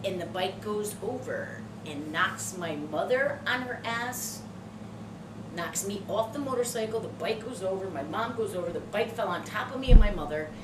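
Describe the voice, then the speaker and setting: A middle-aged woman co-hosting a podcast and telling a story in casual chat, expressive and quick to laugh. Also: medium pitch. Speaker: podcast co-host. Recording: echoey room, distant mic, noisy background.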